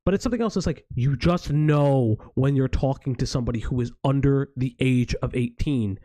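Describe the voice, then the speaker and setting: A man's voice: medium pitch, brisk, hardly any pauses, warm tone, no echo. A man hosting a stream and reacting to a video in heated, indignant commentary, swearing and rising into exasperated outbursts.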